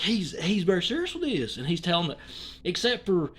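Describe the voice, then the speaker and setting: A YouTuber, rambling through an indignant opinion commentary and swinging between loud and hushed talk. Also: medium pitch, big pitch swings, a little fast, slightly rough.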